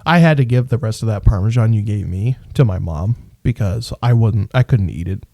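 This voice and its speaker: A man co-hosting a podcast, telling stories in an animated way and swearing freely. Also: on the low side, moderate pace, gravelly, no room sound. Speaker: podcast co-host. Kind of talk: casual podcast chat.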